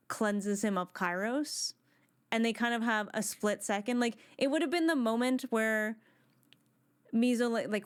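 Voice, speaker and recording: A woman streamer chatting casually while she plays a video game, rambling with excitement and restarting her sentences often. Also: fairly high pitch, clear, resonant tone. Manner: excited, rambling fan talk with many restarts.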